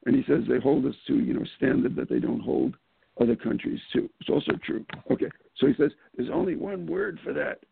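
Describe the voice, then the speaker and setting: A man's voice: medium pitch, steady tone, quick pace, gravelly, breathy edge, dry recording. A man guesting on an interview show, talking casually and animatedly, with frequent restarts and laughs. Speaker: political candidate guest. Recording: phone-like call audio.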